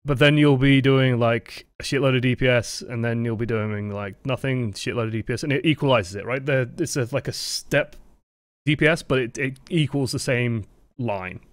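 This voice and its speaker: A man's voice: medium pitch, normal speed, no room sound, clean studio sound. A man coaching a video game live, explaining mechanics step by step in a chatty, self-correcting way.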